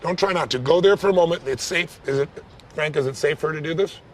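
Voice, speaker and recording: A man leading a live coaching session, intense and direct, pressing with quick questions. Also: fairly high pitch, slight background noise. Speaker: life coach on stage.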